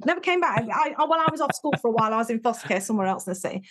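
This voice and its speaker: A woman's voice: on the high side, lively intonation, racing, fairly bright tone. A middle-aged English woman, a guest in an interview, telling her life story frankly and animatedly, acting out the people she quotes.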